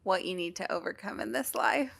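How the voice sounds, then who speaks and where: A young woman chats candidly as a podcast co-host, her voice mid-pitched and full of vocal fry. She laughs often and pads her talk with "like." It sounds like relaxed conversation between close friends. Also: fairly quick. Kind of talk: casual chat.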